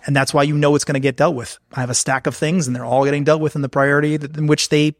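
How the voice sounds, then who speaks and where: A man's voice: on the high side, level tone, quick pace, dry recording, clean studio sound. A man talking as a podcast guest, frank and anecdotal, acting out the exchanges he describes. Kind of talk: candid conversational storytelling.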